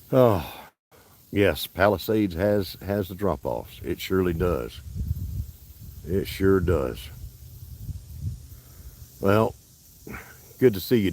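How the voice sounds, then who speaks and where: An Alabama man with a low voice and darkish tone runs a casual outdoor livestream at a park. His Southern-accented chat is folksy and wandering, broken up by self-interruptions.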